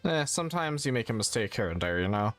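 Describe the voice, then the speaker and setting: A man's voice: medium pitch, very animated, fast talker, a bit bright. A man streaming a game, chatting casually and rambling, often correcting his own words. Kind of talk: casual gameplay chat.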